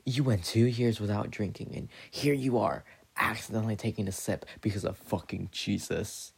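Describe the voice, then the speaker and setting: A man with a gravelly, husky voice rambling through a profane, stumbling comedic monologue. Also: lowish voice, steady tone, normal speed.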